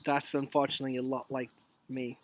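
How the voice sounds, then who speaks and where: A man's voice: medium pitch, completely flat delivery, brisk, dry recording. A man in his thirties hosting a casual live stream, joking his way through memes outdoors and dropping into whispers for asides.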